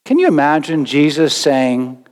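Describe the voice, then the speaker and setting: A male pastor preaching a sermon with animated delivery and sudden loud bursts. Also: a little high, a little slow. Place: church sanctuary. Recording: long church reverb.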